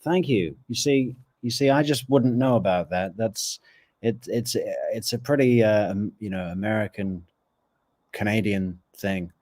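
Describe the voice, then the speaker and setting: A man from Europe, live-streaming casual commentary and chatting with his viewers in a halting way with fillers. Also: on the low side, darkish tone. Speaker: true crime streamer.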